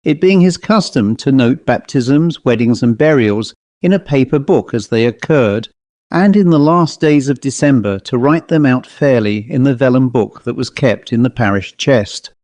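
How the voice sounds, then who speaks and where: A man reading a classic ghost story aloud in a measured, even narration. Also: mid-range voice, no echo. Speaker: audiobook narrator.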